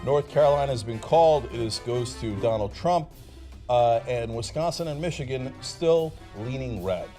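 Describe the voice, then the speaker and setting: A male host of a political commentary show who rants and swears. His voice swings widely in pitch and climbs into shouts. He speaks in an American accent, with faint music underneath. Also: expressive, moderate pace. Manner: ranting, sarcastic, swearing and shouting.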